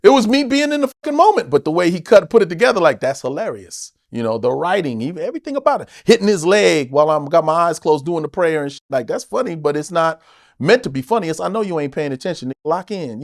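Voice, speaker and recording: A middle-aged man, an actor, telling stories in a casual interview, swearing and acting out quotes in other voices. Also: a little high. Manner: animated, swearing, acts out quotes in other voices, laughs often.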